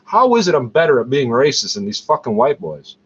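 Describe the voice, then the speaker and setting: A man's voice: medium pitch, sing-song, brisk. A Canadian man in pain, ranting heatedly and profanely in an angry vlog monologue. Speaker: vlogger. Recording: dull lo-fi recording with faint noise.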